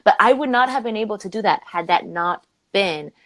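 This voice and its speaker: A woman's voice: brisk, no room sound, poor audio. A woman originally from Romania, a leadership coach telling stories in an interview and acting out the voices of people she quotes. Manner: animated, acts out quoted voices with big pitch jumps. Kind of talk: conversational interview storytelling.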